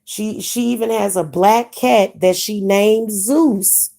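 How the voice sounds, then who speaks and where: Mellow-voiced woman with Kansas City accent. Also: medium pitch, slow pace, vocal fry. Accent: Kansas City, Missouri. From Kansas City, Missouri. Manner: candid, repetitive, chatty. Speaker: witch vlogger. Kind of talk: casual vlog monologue.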